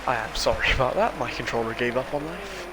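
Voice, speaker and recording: A man doing live play-by-play commentary on a sim racing league, quick and chatty as he tracks the cars. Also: mid-range voice, animated, noisy background.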